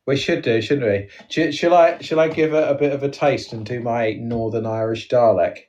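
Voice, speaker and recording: A man's voice: medium pitch, fairly even intonation, moderate pace, a little mellow. A man co-hosting a comedy podcast, rambling and hesitant in a playful chat. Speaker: podcast co-host. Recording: dull, distant podcast audio.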